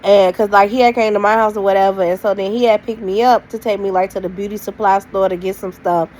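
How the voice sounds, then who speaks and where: Talking directly to her viewers, a woman rambles through a casual storytime packed with slang and "like"s. Her mid-range voice is darkish, fairly even in intonation and quick-paced, captured on a rough recording.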